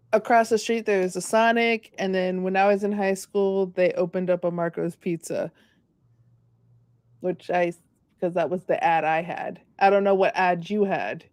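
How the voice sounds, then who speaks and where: A woman's voice: on the low side, a little mellow, no room sound, studio quality. A young woman from South Florida, co-hosting a casual chat, telling stories and laughing often. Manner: chatty storyteller who laughs often. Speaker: podcast co-host. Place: home in Miami.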